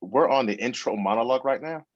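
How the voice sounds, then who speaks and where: A man's voice: medium pitch, fast talker, no room sound, muffled recording. A man coaching on a podcast intro in a chatty way, talking through examples. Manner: chatty, uses spoken examples. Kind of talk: casual coaching chat.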